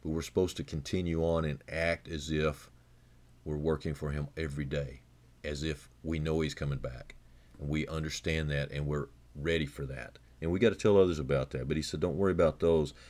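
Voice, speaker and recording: A man's voice: steady tone, brisk. A man preaching a radio sermon as a pastor, earnest and conversational, with frequent restarts and repeated words. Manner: earnest, repeats words and restarts, rises in pitch for emphasis then drops low and quiet.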